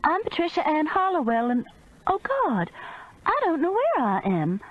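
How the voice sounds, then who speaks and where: A woman's voice: high-pitched, huge pitch swings, normal speed, dull audio, pitched above the performer's own voice. A woman voicing a flustered older Southern woman, the story's heroine, talking in alarmed urgency.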